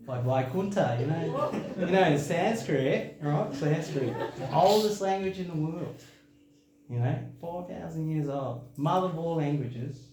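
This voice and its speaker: A man from Australia with an Australian accent softened toward American, giving an informal, joking sermon to a temple audience and laughing often. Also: a little high, animated, unhurried. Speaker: temple speaker giving a scripture class. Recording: very echoey hall, faint background hum.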